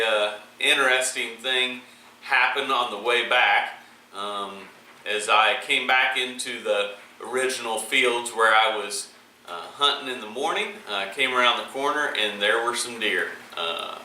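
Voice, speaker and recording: A man tells a hunting story in a relaxed, rambling way, stopping often on fillers and restarting his sentences. His voice is very bright. He sounds set back from the mic, in an echoey space with faint ambient noise behind him. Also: on the low side, distant mic. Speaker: hunting channel host. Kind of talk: casual storytelling recap.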